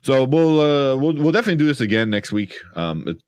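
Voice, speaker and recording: A man with a Chicago accent hosts a casual sports podcast, speaking fast and smoothly in a medium-pitched voice with big pitch swings. He rambles with lots of fillers and an occasional curse, with no room sound.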